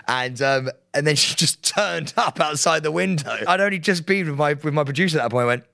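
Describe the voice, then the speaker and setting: A man's voice: a little high, quick pace, creaky, pushed and bright, dry recording, clean studio sound. A man co-hosting a podcast, joking and laughing as he trades banter. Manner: jokey, laughs often, puts on voices. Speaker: podcast co-host. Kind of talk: casual banter.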